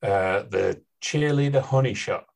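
A man's voice: lowish voice, measured pace, gravelly, a little mellow. A man co-hosting a podcast in casual chat, explaining things with hesitant fillers. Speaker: podcast co-host.

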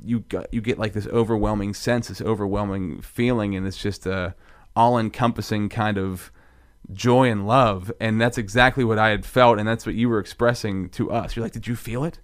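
Man in his thirties, podcast co-host, rambling animated chat, slightly low voice. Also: moderate pace. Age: 30s. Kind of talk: casual faith podcast chat.

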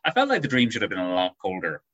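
A man's voice: on the low side, wildly swooping pitch, very fast, fairly bright tone, dull audio. A man co-hosting a podcast, explaining things in a hesitant way with many fillers. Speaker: podcast co-host. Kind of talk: casual chat reviewing a show.

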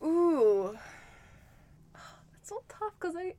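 A woman's voice: very high voice, very animated, extremely slow, warm tone. A young woman co-hosting a podcast in easygoing casual chat, laughing along between short remarks. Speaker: podcast co-host.

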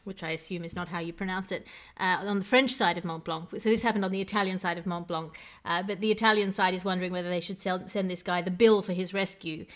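A woman's voice: fairly low pitch, steady tone, quick pace. A woman hosting a comedy podcast, making wry asides between segments. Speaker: podcast host.

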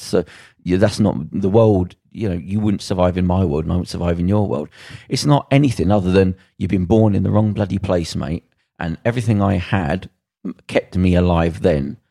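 Gravelly, blunt man. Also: sits low, dark tone, no echo, clean studio sound. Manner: blunt, sweary, acts out quoted voices. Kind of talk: casual storytelling chat.

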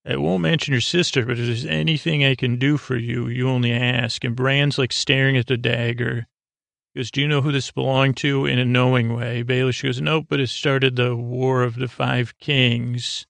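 A man's voice: mid-range voice, moderate pace, creaky, no room sound. A man hosting a podcast, recapping an episode in a rambling, hesitant way with lots of fillers and restarts, retelling dialogue offhandedly. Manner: paraphrases dialogue in a flat offhand way. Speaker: podcast host.

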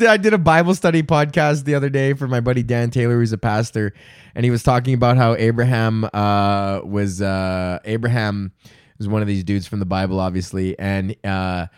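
A man's voice: medium pitch, clear, resonant tone, no room sound, studio quality. A young man hosting a comedy podcast, ranting casually with lots of swearing and laughter. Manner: profane, laughing, jumps into silly mock British voices. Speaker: podcast host.

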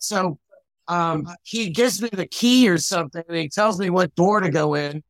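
Comedian guy on a call, high voice for a man, rambles and laughs a lot, dry close sound. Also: moderate pace, a bit bright, dry recording. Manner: laughs often, rambling with fillers. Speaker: comedian guest. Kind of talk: casual chat.

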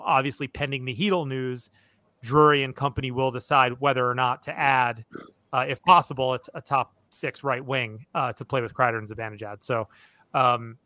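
Bright-voiced man hosting a casual podcast. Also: mid-range voice, no room sound. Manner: thoughtful, analytical, many fillers and restarts. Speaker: podcast host. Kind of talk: casual chat.

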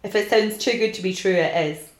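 A woman's voice: medium pitch, a little fast, reverberant. A woman hosting a podcast, chatting casually and bluntly. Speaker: podcast host. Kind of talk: casual chat.

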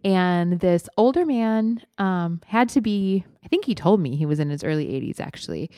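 A woman's voice: fairly low pitch, expressive, normal speed, dark tone, clean tone, no room sound, studio quality. A woman in her thirties co-hosting a podcast, telling stories in a casual, chatty way and laughing often. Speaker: podcast co-host. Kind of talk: casual chat.

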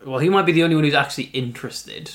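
A man with a Welsh accent, co-hosting a podcast in casual, teasing chat. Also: fairly high pitch. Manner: sarcastic, joking, quick to tease. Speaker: podcast co-host.

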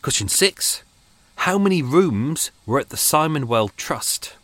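A man's voice: on the high side, lively intonation, measured pace, a bit bright, no room sound. A man hosting a podcast, chatting casually and rambling with self-mocking asides, recorded at home on a boat. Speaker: podcast host. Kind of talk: casual chat to listeners. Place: small home room on a boat.

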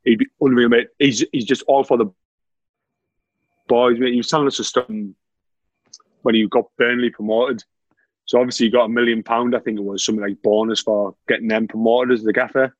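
A man's voice: mid-range voice, brisk, no echo, lo-fi sound. A man, a former footballer telling laughing anecdotes in casual chat. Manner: laughing, animated anecdotes with lots of "mate".

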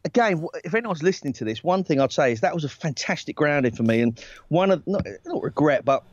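A man's voice: a little high, expressive, fast talker, dry recording. A man in his forties, a talent agent and guest, telling stories in a rambling, self-deprecating way, with many restarts and laughs. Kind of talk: casual anecdotal chat. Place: outdoors in a hammock. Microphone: earbuds. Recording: dry, slightly dull sound.

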